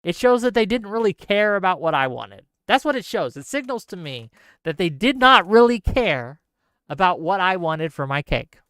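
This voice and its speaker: Man, live stream host, ranting chat, lively swooping voice, smooth clear tone, dry close sound. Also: high-pitched, normal speed, dry recording. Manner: ranting, animated, sarcastic. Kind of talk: casual live stream chat reading viewer comments.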